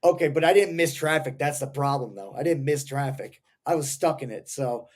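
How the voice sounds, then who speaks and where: Young man, mellow tone, casual heated sports-fan co-host. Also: a little high, fairly quick. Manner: rambling, heated fan rants. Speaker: podcast co-host.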